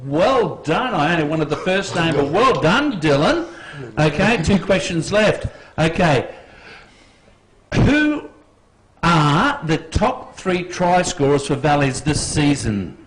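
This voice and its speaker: A man's voice: on the high side, very animated, takes it slowly, low-quality recording. An Australian man hosting a live quiz at a football club, jokey and teasing with the contestants. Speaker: quiz host.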